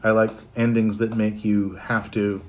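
A man's voice: fairly low pitch, level tone, unhurried, slight background noise. Man chatting casually with fans. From Canada. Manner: reads out fan comments and answers them in a chatty, friendly way. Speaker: voice actor answering fan chat on a livestream. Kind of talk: casual livestream chat.

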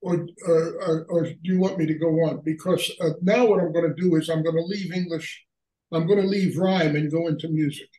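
An older man giving a halting academic lecture on poetry, full of fillers and restarts. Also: fairly high pitch, steady tone, dark tone, recorded from a distance. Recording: echoey room, speaker away from mic.

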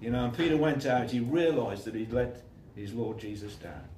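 In an echoey room, a distant male voice delivers an informal, chatty sermon full of stories, complete with the voices of the people in them. His voice is mid-range at a normal speed, and music plays in the background.

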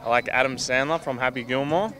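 A man, a rugby league player, giving modest, low-key answers outdoors. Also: fast, sharp tone, faint music behind. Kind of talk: casual interview answers.

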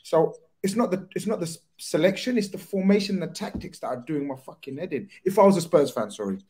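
A man talks football on a podcast. His delivery is blunt and sweary, full of lively banter. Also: on the high side, quick pace. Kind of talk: casual chat.

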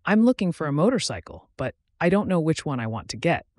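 A man's voice: on the high side, sing-song, quick pace, darkish tone, no room sound, studio quality. A man reading the lines of a weary, restless man in a story, speaking in an offhand, hesitant way.

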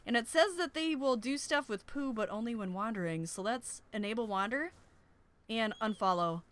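Young woman let's-play host, high bright voice, excitable and giggly. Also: normal speed, smooth. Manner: excitable, shrieks and laughs at in-game danger. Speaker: gaming YouTuber.

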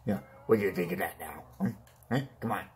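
A man's voice: low voice, fairly quick, a little mellow, natural voice. A man voicing a boastful, whiny male clown villain in a toy-figure fan play, pleading and taunting by turns and yelping in pain.

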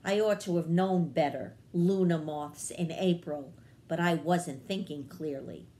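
A woman voicing a gentle, apologetic small male bat in a children's read-aloud, humble and pleading. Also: low-pitched, unhurried.

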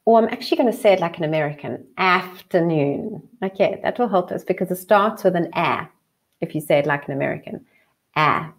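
A woman, teaching a child to sound out and spell a word, slowly and deliberately. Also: fairly low pitch, creaky. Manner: slow, deliberate sounding out of letters. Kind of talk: phonics lesson.

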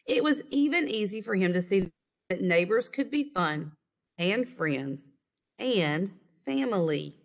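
A woman reading a children's picture book aloud in an expressive storytelling manner, recorded over a screen share. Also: medium pitch, measured pace. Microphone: online screen-share recording.

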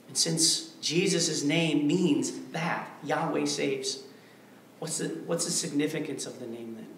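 High-voiced, slow-preaching man in an echoey church. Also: a little hiss or hum. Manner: emphatic, repeats key phrases, swings between hushed and forceful. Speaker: pastor. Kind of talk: sermon. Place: church sanctuary. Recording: very echoey church hall, mic far off.

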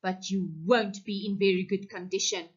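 A woman's voice: medium pitch, little pitch movement, moderate pace, slightly rough, highs cut off, natural voice. A woman reading aloud the lines of a bitter, menacing wife in a story. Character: bitter, dangerous jilted wife.

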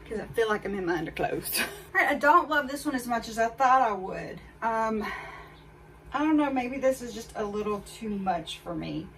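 A woman's voice: fairly high pitch, a bit bright. A woman chatting candidly to her viewers during a clothing try-on haul. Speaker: fashion haul vlogger. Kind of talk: casual try-on haul chat. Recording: voice a bit far from mic, faint background noise.

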